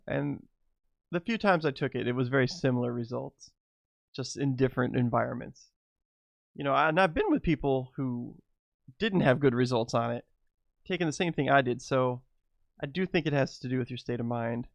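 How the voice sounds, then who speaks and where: A man's voice: medium pitch, gravelly, no room sound, lo-fi sound. A middle-aged man telling rambling personal stories to his viewers, laughing often between lines. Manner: loose and rambling, many fillers. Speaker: vlogger. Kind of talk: casual storytelling to camera.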